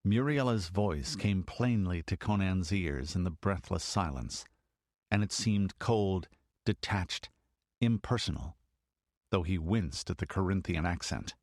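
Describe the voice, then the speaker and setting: In a studio-quality recording with no room sound, a low-pitched man reads scripted audiobook narration in a measured, even storytelling style.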